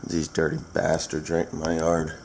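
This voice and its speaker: A man's voice: rumbling low, monotone, normal speed, vocal fry, a little mellow, slight background noise. A middle-aged male farmer talking in a casual vlog, blunt and wry, with some swearing.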